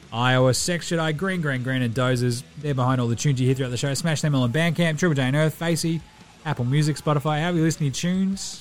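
A man's voice: a little high, a bit bright. A man hosting a sports podcast, rattling through brash, casual sign-offs and plugs. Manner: brash, rapid plugs and banter. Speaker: podcast host.

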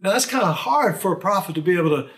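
Guy preaching a sermon, kinda high voice, earnest, leans hard on his points. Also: expressive, fast talker, fairly bright tone. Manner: earnest, emphatic preaching with rhetorical questions. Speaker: pastor.

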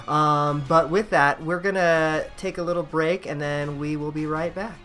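A man's voice: fairly high pitch, fairly even intonation, moderate pace, sharp tone, soft background music. A man hosting a casual gaming podcast, upbeat and chatty, laughing easily with his co-hosts. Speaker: podcast host.

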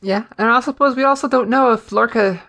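A woman's voice: on the high side, fairly quick, vocal fry, fairly bright tone. A woman co-hosting a podcast, chatting casually and retelling scenes by quoting the characters. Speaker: podcast co-host. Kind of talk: casual episode recap.

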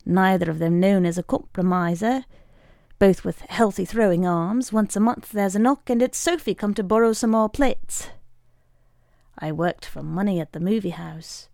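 A woman reads a short story aloud in a wry, measured voice. Her tone is gravelly and of medium pitch. The sound is dry and close, with no room around it. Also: a little mellow, no room sound. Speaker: reader.

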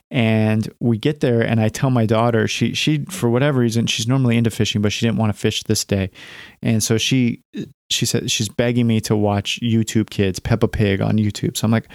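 A man's voice: on the low side, fairly even intonation, moderate pace, gravelly, a little mellow, no echo, studio quality. A man in his thirties hosting a podcast, telling a personal story in a candid, rambling way with many fillers and restarts. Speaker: podcast host. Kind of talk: casual storytelling monologue.

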